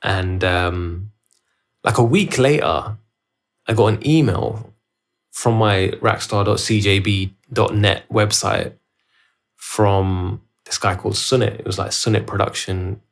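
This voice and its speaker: A man's voice: on the low side, slow pace, vocal fry. A man hosting his own podcast, telling a story in a rambling, loose way with many restarts. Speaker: podcast host. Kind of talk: casual solo podcast storytelling. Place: at home, filming himself.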